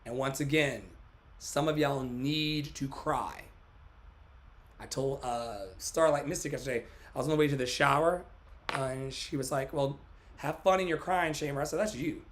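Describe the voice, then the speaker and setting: A man's voice: medium pitch, moderate pace, a little hiss or hum. A man hosting a motivational livestream, reciting a poem dramatically and joking with viewers between readings. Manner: dramatic, emphatic poetry recitation mixed with joking asides. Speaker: life coach and livestream host.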